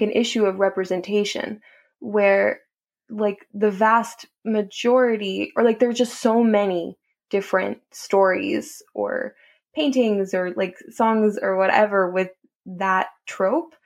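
A woman's voice: medium pitch, a little slow. A woman co-hosting a podcast, giving her view in a thoughtful, hedging way. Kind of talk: casual discussion.

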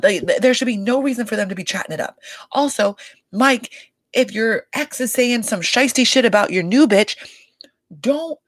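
Here a woman with a somewhat high voice hosts a laid-back podcast, dishing on a reality show through a desk mic with no echo. She swears constantly, sounds lively, and leans heavily on "like" and "you guys."

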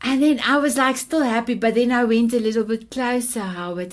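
With a fairly high, steady voice, she talks a little fast, with vocal fry and few pauses. The speaker, a woman in her fifties from South Africa whose first language is Afrikaans, has a South African accent and recounts her story as a podcast guest, heartfelt and affectionate, repeating endearments.

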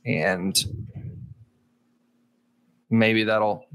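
Low, gravelly man in casual chat. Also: drawn-out words, no echo. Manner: relaxed, full of fillers.

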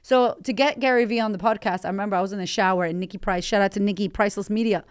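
A woman's voice: mid-range voice, rapid-fire, clear, resonant tone. A woman hosting a motivational podcast, talking with candid energy and swearing freely. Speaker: podcast host and life coach.

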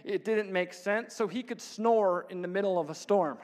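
A pastor with a high-pitched, slightly mellow voice preaches a sermon at a normal speed. He tells stories, chuckles often, and acts out other people's voices. The church hall gives the recording a long reverb.

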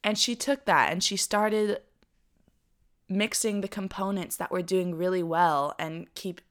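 A young woman co-hosting a podcast, telling a story in a chatty, animated way with frequent laughs. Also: lowish voice, a little slow. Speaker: podcast co-host. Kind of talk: casual storytelling chat.

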